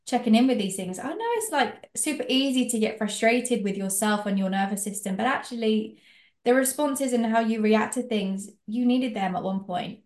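A woman's voice: a little high, moderate pace, echoey room. A woman co-hosting a casual podcast, encouraging and full of fillers. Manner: encouraging, filler-heavy, many "like"s. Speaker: podcast co-host.

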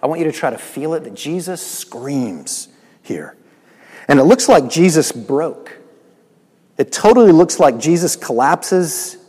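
Husky-voiced male pastor preaching in a hall. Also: on the high side, lively intonation, unhurried. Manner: emphatic, rhetorical questions, swings between loud and soft. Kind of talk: sermon. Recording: reverberant hall.

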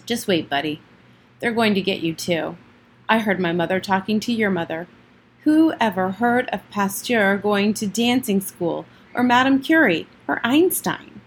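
A woman's voice: lowish voice, normal speed, slight background noise, close to an everyday voice, rough recording. A woman reading the lines of a bold, blunt young girl chemist in a storybook, with a curt, defiant manner.

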